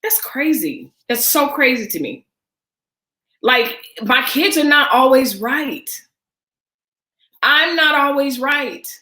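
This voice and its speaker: A woman's voice: high voice, expressive, slow, long pauses, pushed and bright. A woman hosting her own vlog, giving her opinions in a casual, emphatic rant and talking straight to her viewers with repeated phrases. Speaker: vlog host. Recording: roomy echo.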